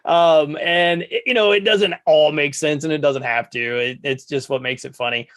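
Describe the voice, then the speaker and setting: A podcast co-host with a fairly high male voice, talking through a film's story in loose, casual chat. He tells it with energy and jumps even higher when he acts out the characters' lines. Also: normal speed. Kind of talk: casual movie recap chat.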